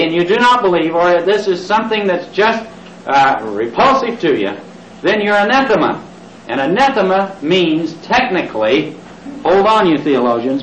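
Lively male preacher in an echoey hall. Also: high voice, slight background noise. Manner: interactive, has the congregation repeat words aloud; jokey asides. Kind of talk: sermon. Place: church hall with congregation. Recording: echoey, distant, lo-fi cassette recording.

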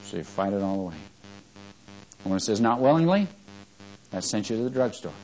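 A man preaching a Bible-teaching sermon, reading scripture with loud, rising emphasis and quizzing his listeners. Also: low-pitched, fast talker, faint music behind, rough recording.

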